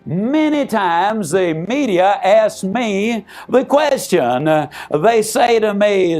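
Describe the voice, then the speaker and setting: A man's voice: high-pitched, expressive, takes it slowly, few pauses, a little mellow. An older man giving a folksy, emphatic motivational seminar speech, talking straight to his audience. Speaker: motivational speaker. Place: live seminar stage.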